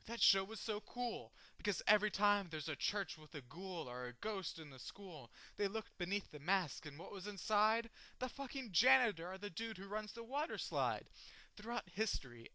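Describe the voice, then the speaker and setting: A man's voice: high voice, sharp tone, dry recording, rough recording. A man performing a long rhyming comic poem as a sardonic, sweary rant. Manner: ranting, sardonic, rhythmic, swearing. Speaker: poetry reader.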